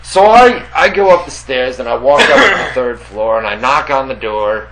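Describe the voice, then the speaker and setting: A young man co-hosting an internet radio show, telling a story in an animated, rambling way with many restarts. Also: mid-range voice, normal speed, heavy background noise. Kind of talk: casual chat, storytelling.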